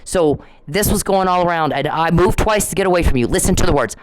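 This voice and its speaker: Speaking briskly in a fairly low voice, a woman vlogger aims an angry rant straight at the camera. She scolds and swears, tripping over her words and restarting as her temper rises. The recording quality is low.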